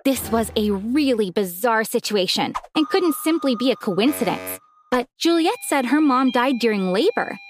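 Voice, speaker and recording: A woman telling a first-person story in an expressive, dramatic scripted narration. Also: fairly high pitch, normal speed, background noise.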